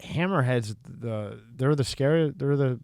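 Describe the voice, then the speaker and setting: A man hosting a podcast in casual chat, blunt and quick to swear. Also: mid-range voice, darkish tone, smooth, no echo, studio quality. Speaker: podcast host. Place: podcast studio.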